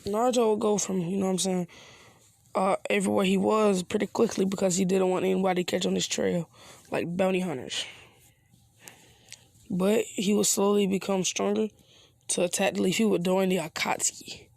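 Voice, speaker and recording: A man's voice: high voice, flat delivery, normal speed, gravelly, darkish tone, no room sound, studio quality. A man telling an improvised fan story in a loose, slangy, casual way. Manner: loose slangy delivery with restarts.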